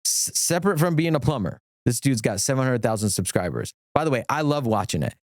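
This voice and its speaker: A middle-aged man, an attorney, chatting as a podcast guest, enthusiastic and rambling with quick restarts. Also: medium pitch, sing-song, dry recording, clean studio sound. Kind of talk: casual podcast conversation.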